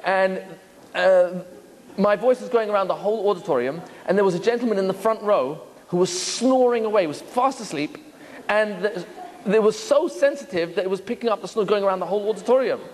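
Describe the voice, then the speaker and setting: A man's voice: high-pitched, a little fast. A rabbi giving a sermon, telling stories and asking rhetorical questions, acting out quotes as he goes. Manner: storytelling, asks rhetorical questions, acts out quotes. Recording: reverberant hall.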